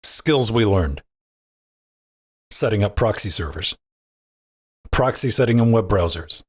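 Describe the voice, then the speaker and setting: This podcast co-host, a man whose voice is low and husky, chats about games in rambling, loose banter. He's animated but a little slow, often restarting sentences and swearing casually.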